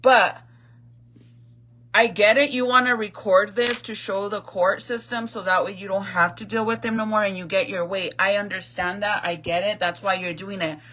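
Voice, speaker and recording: A woman gives casual storytime commentary, chatty and blunt, with curse words dropped in freely. Her voice is bright and forceful, at a middling pitch. She talks straight to her viewers as if they were friends. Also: fairly even intonation, normal speed, a little hiss or hum. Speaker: vlogger retelling a viral video.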